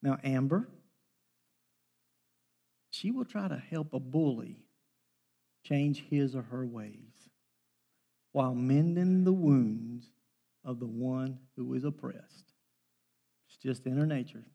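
A man's voice: medium pitch, slow pace, vocal fry, pauses often, mellow, dull audio. A middle-aged man preaching a sermon, telling family stories in a folksy way with emphatic bursts.

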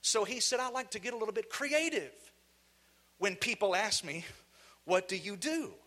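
Brief: Southern US male preacher, high bright voice, fiery call-and-response delivery in a church. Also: lively intonation, moderate pace. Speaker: guest preacher. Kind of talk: energetic sermon. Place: church sanctuary.

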